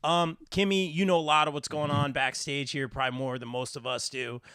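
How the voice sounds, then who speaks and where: A man steering a casual wrestling podcast and handing questions to the others. His voice is bright and recorded dry and close. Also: fairly high pitch, steady tone, a little fast, smooth, dry recording. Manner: moderating, passing questions. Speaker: podcast host. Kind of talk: casual chat.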